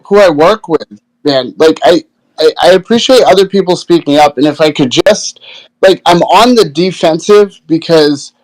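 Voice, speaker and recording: A man who works as a social worker, answering criticism in a measured, defensive, halting way. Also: a little high, rough recording. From Maine. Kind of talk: heated discussion.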